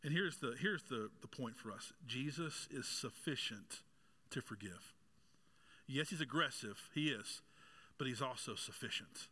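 A male pastor delivering a sermon in a bright, forceful voice. He throws questions out to the congregation and slips in jokes as his delivery climbs in energy. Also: medium pitch, animated, measured pace, husky. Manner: preaching with rising intensity, asking the congregation questions; joking aside with congregation members.

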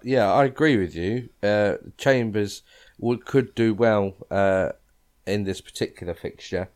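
A man with a fairly low voice hosts a casual football podcast. He leans on fillers and hesitations as he steers the chat. He keeps putting questions to his guests. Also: a little slow, darkish tone. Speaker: podcast host.

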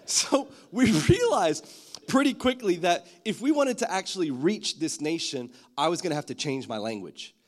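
A man with an Australian-tinged accent preaching a sermon, telling stories in an animated way and often restarting his sentences. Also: a little high, brisk, few pauses. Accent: Australian-tinged English. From Philippines. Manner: storytelling, animated, repeats words when starting sentences. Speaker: pastor.

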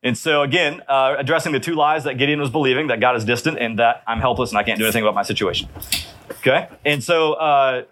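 A man's voice: medium pitch, quick pace, fairly bright tone. A man preaching a sermon in a conversational way, often checking in with his listeners. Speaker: pastor.

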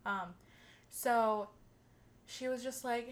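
Animated young woman telling a story. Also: on the high side, slow, pauses often. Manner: animated, swearing, laughing through the story. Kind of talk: casual chat.

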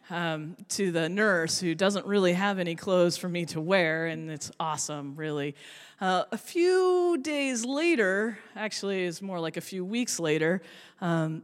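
Woman telling a funny story onstage, chatty with lots of likes and ums, echoey hall. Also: lowish voice. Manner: chatty and self-deprecating, lots of fillers. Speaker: storyteller on stage. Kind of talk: comic stage storytelling. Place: stage in a hall. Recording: reverberant hall.

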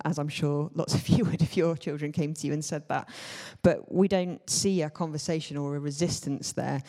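A man's voice: a little high, darkish tone. A man giving a conversational sermon, informal and hedging, with many fillers and asides. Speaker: church speaker. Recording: long hall reverb.

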